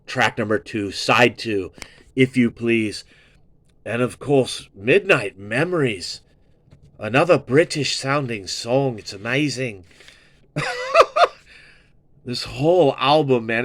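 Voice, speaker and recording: Slow-talking, gushing male album reviewer. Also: medium pitch, no echo. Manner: gushing, profane, repeats himself. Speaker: music reviewer, show host.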